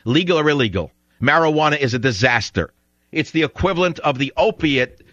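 A man's voice: mid-range voice, bright, forceful tone, dry recording, lo-fi sound. A man hosting a talk radio show, delivering a ranting, sarcastic political monologue.

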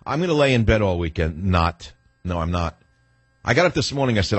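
An older man hosts a talk radio show with a rambling, sardonic delivery, his pitch swinging up and down as he acts out little voices in his head. The voice is husky and dry, with no room around it. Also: lively intonation, fast talker, dry recording. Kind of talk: talk radio monologue and calls.

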